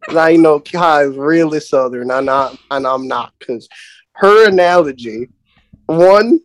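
A man's voice: a little high, unhurried. A man in casual chat, rambling and profane, often restarting his sentences.

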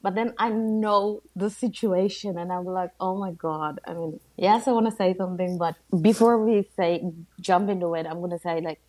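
A woman in her thirties from Bangladesh, a podcast guest chatting casually, animated and laughing often. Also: on the low side, normal speed. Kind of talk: casual conversation.

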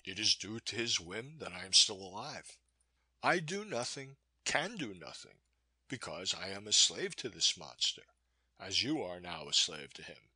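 A man's voice: sits low, big pitch swings, a little slow, husky, no room sound, exaggerated voice. A man as a grave, weary man giving warning. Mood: insistent. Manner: grave and gently insistent. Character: weary, resigned man warning of a cruel captain.

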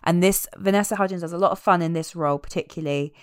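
A woman chatting casually as a podcast co-host, animated and amused as she recaps a film. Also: fairly low pitch, fast, dry recording, clean studio sound. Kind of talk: casual chat.

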